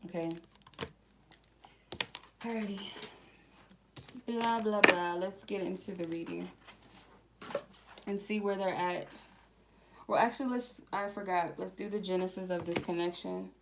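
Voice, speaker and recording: A woman's voice: fairly low pitch, fairly even intonation, creaky, heavy background noise. Chatty woman giving a tarot reading. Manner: chatty and slangy, reads card keywords slowly one by one. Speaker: tarot reader. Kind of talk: casual tarot reading for viewers.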